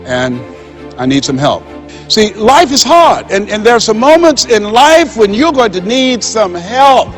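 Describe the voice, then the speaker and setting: A man's voice: high-pitched, big pitch swings, a little slow, soft background music. A man giving a motivational speech, telling stories and acting out dialogue with emphatic, preacher-like repetition. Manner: storytelling, acting out quoted dialogue. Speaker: motivational speaker.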